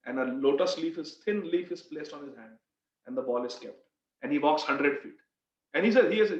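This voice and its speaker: A man preaching, retelling a devotional story with animated storytelling and frequent restarts. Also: fairly high pitch, normal speed. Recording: roomy, muffled recording.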